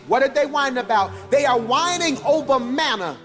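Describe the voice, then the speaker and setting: A man's voice: extremely high pitch, expressive, a little fast, hardly any pauses, fairly bright tone, soft background music. A man preaching a sermon as pastor, moving into a sung cadence and calling out to the congregation.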